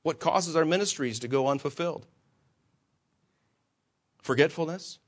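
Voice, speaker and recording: A man's voice: on the high side, unhurried. A man preaching a sermon to fellow believers, swinging his emphasis and asking rhetorical questions. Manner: acts out quoted voices of himself and the Lord. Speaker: pastor.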